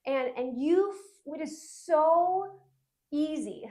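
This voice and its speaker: A woman with a high voice co-hosts a casual wellness chat. She talks in an earnest, reflective way and tells stories, often restarting her sentences as she goes. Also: animated, slow, mellow. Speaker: podcast co-host.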